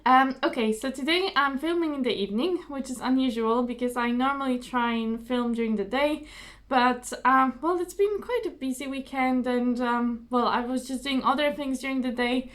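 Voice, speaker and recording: A young woman hosting her own crafting video, chatting casually and apologetically to camera, slightly hoarse, with many fillers and repeated words. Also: high voice, normal speed, a bit bright.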